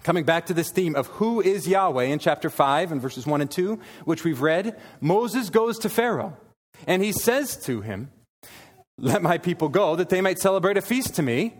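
A man delivers an earnest expository sermon in a church, reading scripture passages aloud between points. His voice sits somewhat high for a man. The sound carries a long hall reverb. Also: lively intonation, moderate pace, husky. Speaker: pastor.

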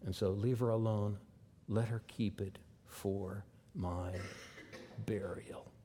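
Slow, folksy male preacher. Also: lowish voice, fairly even intonation, mellow, slight background noise. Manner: slow, folksy preaching with asides and rhetorical questions. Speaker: pastor. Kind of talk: sermon.

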